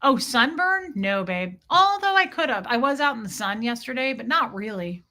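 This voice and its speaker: Middle-aged woman on a live stream, bright voice sitting a bit high, blunt and chatty, swears a lot. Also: moderate pace. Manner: candid and animated, swears, mocks a condescending ex in quoted voices. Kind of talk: casual live-stream chat reading viewer comments.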